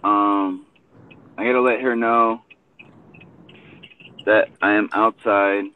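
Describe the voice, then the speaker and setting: A man's voice: on the low side, steady tone, slow, clean tone. A man hosting a casual chat from his car between rideshare pickups, laid-back and rambling, saying dude a lot. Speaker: host and rideshare driver. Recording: tinny phone-line audio.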